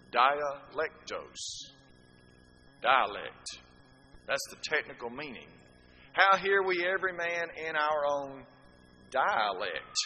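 A man's voice: mid-range voice, pushed and bright, highs cut off. A man preaching a sermon to a congregation, asking rhetorical questions and throwing in asides to the listeners. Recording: echoey hall with faint background noise.

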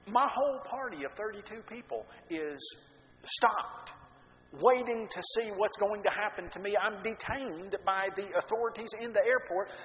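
A man telling a story from the pulpit in an animated, self-mocking way. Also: high voice, moderate pace. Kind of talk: sermon storytelling. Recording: dull echoey hall recording, faint ambience.

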